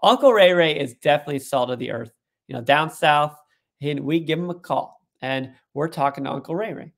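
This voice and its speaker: A man as an interview guest, telling an animated story and putting on voices for the people he quotes. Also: fairly high pitch, brisk, creaky. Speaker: guest, tech executive.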